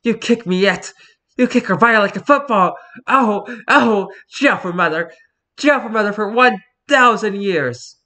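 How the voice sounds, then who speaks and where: A man doing a shrill melodramatic cat. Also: lively intonation, unhurried, bright, forceful tone, full character voice. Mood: wailing, melodramatic. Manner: shrill theatrical whining, old-fashioned phrasing. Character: melodramatic talking pet cat, wailing and aggrieved.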